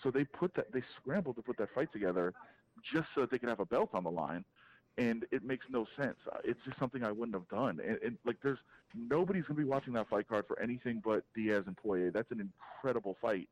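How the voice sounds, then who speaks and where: A man, a fight reporter calling in as a podcast guest, giving an animated, opinionated breakdown with frequent restarts. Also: mid-range voice, fast, highs cut off. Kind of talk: casual podcast interview, calling in.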